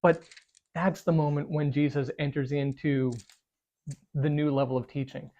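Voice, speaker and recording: A Bible study co-host talking through scripture in a casual discussion, thoughtful and halting as they search for words. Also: mid-range voice, fairly even intonation, dark tone, dull audio.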